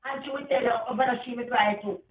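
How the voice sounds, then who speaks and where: A woman's voice: a little high, fairly even intonation, fast talker, echoey room, recorded from a distance, narrow, tinny audio, music in the background. A woman with a Jamaican accent talking to her viewers in a rambling, repetitive monologue, leaning hard on "man" as she goes. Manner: rambling, repetitive, emphatic, calls everyone "man". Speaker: vlogger. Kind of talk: casual rambling monologue to camera.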